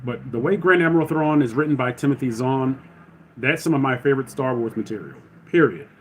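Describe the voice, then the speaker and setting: Speaking a little fast in a mid-range voice, this livestream host chats loosely and conversationally, rambling and self-correcting as he goes. The recording is rough, with some hiss or hum.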